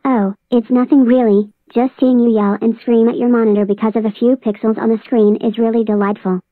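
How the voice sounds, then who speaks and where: A woman's voice: a little high, flat delivery, fairly quick, no echo, natural voice. A synthetic female text-to-speech voice playing a gloating villain who spreads a spammy operating system, taunting and threatening. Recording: dry tinny phone-like audio.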